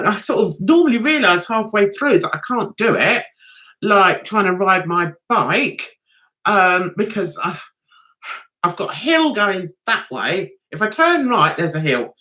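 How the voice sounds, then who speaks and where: A woman's voice: medium pitch, big pitch swings, unhurried, pushed and bright. An older woman, hosting a casual livestream chat and rambling with giggles. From England. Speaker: livestream host.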